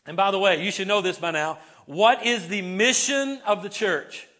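Man, pastor, high voice, conversational sermon, call-and-response with congregation, church sanctuary. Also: normal speed, bright, forceful tone. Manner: call-and-response preaching, asks the congregation to repeat words; conversational, many "right?" and "okay?" tags.

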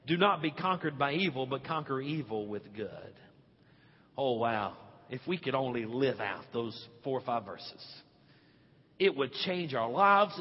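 Male pastor, sermon delivery with big loud-soft swings, dull lo-fi church recording. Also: fairly high pitch, husky. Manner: preaching with sweeping swings from quiet to loud, stretching key words. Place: church sanctuary. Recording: dull lo-fi audio with long hall reverb.

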